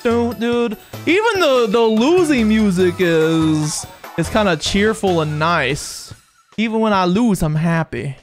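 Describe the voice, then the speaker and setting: A game streamer giving excitable, chatty live commentary on a match and talking to viewers in chat. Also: mid-range voice, slow pace. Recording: game music playing behind the voice.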